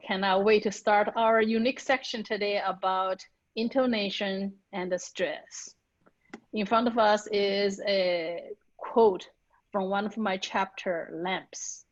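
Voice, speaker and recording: A woman's voice: medium pitch, muffled recording. Woman hosting a speech lesson. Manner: reads aloud slowly with emphasis. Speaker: host. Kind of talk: conversational lesson.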